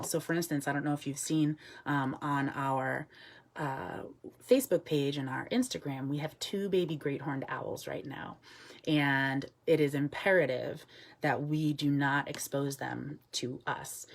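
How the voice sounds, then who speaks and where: Low-voiced woman chatting about birds. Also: vocal fry, a little hiss or hum. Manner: chatty, lots of ums, with soft asides to the bird. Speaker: wildlife educator with an animal ambassador. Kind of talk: live-streamed talk answering viewer comments.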